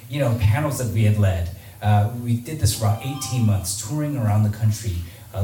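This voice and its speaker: Man, storytelling talk, animated, casual fillers, roomy echo, faint background hum. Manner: animated, acts out quoted people in a higher voice; casual, with fillers like "like" and "you know". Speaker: public speaker telling his story. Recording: echoey room, distant mic, faint hum.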